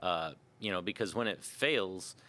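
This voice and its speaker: A man who manages engine production, answering interview questions in a measured, technical way. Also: low-pitched, expressive, pushed and bright.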